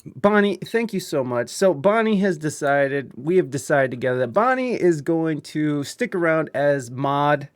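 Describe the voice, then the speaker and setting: A man's voice: a little high, expressive, measured pace, dry recording, clean studio sound. A man hosting a live-streamed podcast, chatting casually and venting about technical trouble, swearing and rambling with lots of fillers. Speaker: podcast host. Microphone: video call.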